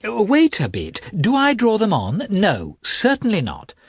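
High, pleading aristocratic mother near tears, as a man puts her on, husky and dry. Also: huge pitch swings, dry recording, heavily acted. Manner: pleading, flustered, slow and high.

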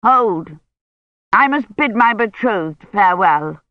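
A woman narrator voicing a domineering, menacing medieval knight who speaks slowly and possessively. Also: medium pitch, animated, dry recording. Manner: slow, possessive, commanding. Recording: dry, dull lo-fi audiobook recording.

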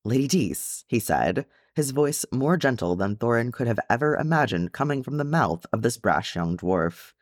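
A man reading fan fiction aloud as an audiobook, narrating in an expressive storytelling way. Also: mid-range voice, normal speed, few pauses, no room sound, clean studio sound. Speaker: audiobook reader.

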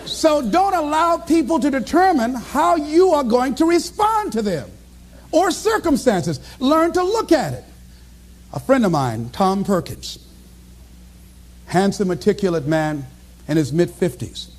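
A man giving a motivational speech to a live audience, telling stories with animation and bursting into shouts and laughter. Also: very high-pitched, sing-song, a little slow. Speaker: motivational speaker.

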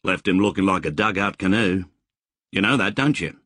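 A man doing rough bushmen. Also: deep voice, unhurried, fairly bright tone, dry recording, studio quality, exaggerated voice. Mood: gloomy. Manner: blunt, slangy, gloomy drawl. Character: laconic rough Australian bushman mates, adult men.

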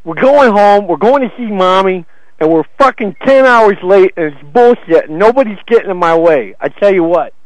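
A man's voice: sits high, lively intonation, normal speed, dry recording. A man making a prank phone call, belligerent and taunting, swearing constantly. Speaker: prank caller. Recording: muffled phone call recording.

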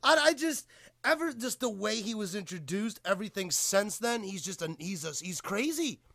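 A man with a high, bright voice chatters excitedly in casual conversation, cursing freely and laughing often. The sound is dry and close, with no room around it. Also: moderate pace, vocal fry, no room sound. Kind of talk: casual chat.

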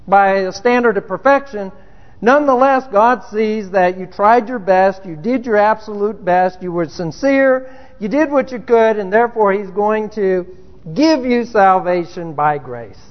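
High-voiced preacher in a reverberant hall. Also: male voice. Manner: conversational preaching with restarts and rhetorical questions. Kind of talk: sermon. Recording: dull lo-fi recording with long hall reverb.

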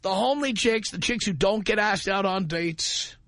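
A man's voice: sits high, normal speed, a bit bright, no room sound. A man hosting a talk radio show, speaking into a studio microphone with a provocative, emphatic delivery that keeps hammering the same phrase. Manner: provocative, emphatic, repeats his catchphrase.

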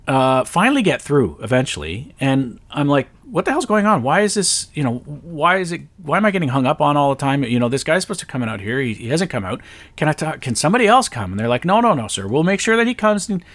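A man in a mid-range voice tells a long personal story as a podcast host. He sounds exasperated and animated throughout. His voice jumps up sharply when he quotes what he said. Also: medium pitch. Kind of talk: casual storytelling monologue.

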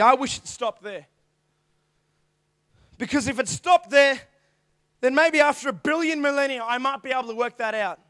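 A male youth preacher with a strikingly high voice delivers a lively sermon. He drops to quiet asides and then builds to shouted lines, acting out scenes as he goes. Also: normal speed, pauses often. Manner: animated, acts out angels' voices, swings from quiet asides to shouts. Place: church youth hall.

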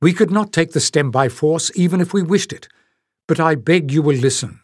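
A man's voice: fairly high pitch, moderate pace, no room sound, clean studio sound, close to an everyday voice. A man voicing an earnest young male adventurer who pleads hastily. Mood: pleading.

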